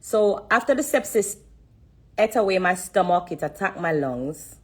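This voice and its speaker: A Jamaican woman speaks into her phone on a live stream, her voice low and husky. She is earnest and close to tears, repeating phrases again and again for emphasis as she gives her testimony. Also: expressive, normal speed. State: fighting back tears.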